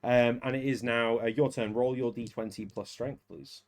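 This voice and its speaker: A man's voice: medium pitch, steady tone, normal speed. A man narrating as game master, chuckling often and stumbling into restarts. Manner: rambling, chuckling, many restarts.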